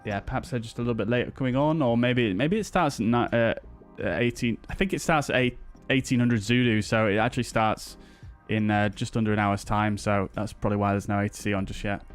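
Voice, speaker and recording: A man's voice: on the low side, brisk, hardly any pauses, clear, resonant tone, faint music behind. Chatty British man greeting stream viewers. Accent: British English. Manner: chatty, greets viewers one by one, many fillers. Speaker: flight sim streamer. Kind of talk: casual live-stream chat.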